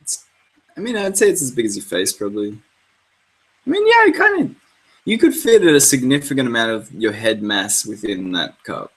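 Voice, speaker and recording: A man co-hosting a podcast, chatting casually with a pitch that leaps around as he jokes. He swears freely and trails off into restarts when he loses the thread. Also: lively intonation, a little fast, fairly bright tone. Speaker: podcast co-host. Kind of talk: casual chat.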